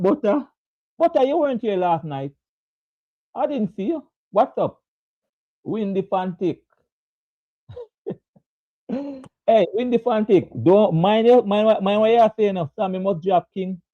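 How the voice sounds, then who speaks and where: A man's voice: high-pitched, no room sound. A man with a Jamaican accent hosting a casual live cricket chat, laughing often and greeting viewers by name. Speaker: host. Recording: dull lo-fi dry sound.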